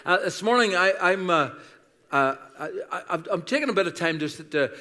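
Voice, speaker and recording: Speaking at normal speed with a high-pitched, bright, forceful voice and lively intonation, an Irish man in his sixties delivers a chatty sermon as a guest pastor. He tells funny stories at his own expense in an echoing church auditorium.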